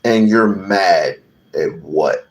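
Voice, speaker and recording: A man's voice: low voice, drawn-out words. A man giving a heated political rant to camera, profane and emphatic, hammering on repeated phrases. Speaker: political commentator.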